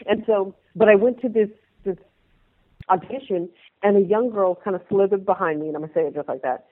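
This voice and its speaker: Woman guest, animated storyteller, tinny phone-quality line. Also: medium pitch, fairly quick. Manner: animated, acts out scenes in changing voices. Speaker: interview guest, former pro dancer. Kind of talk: personal storytelling in conversation.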